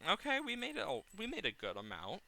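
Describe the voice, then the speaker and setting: A man live-streaming a farming game, rambling playfully and getting excited. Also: high voice, fairly quick, vocal fry.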